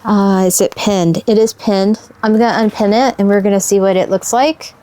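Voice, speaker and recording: With warm, fairly even intonation in a mid-range voice, a woman lifts vintage fabric pieces out one by one and shows them to viewers. The vlog is relaxed show-and-tell, her commentary wistful, sentimental, musing and in no hurry.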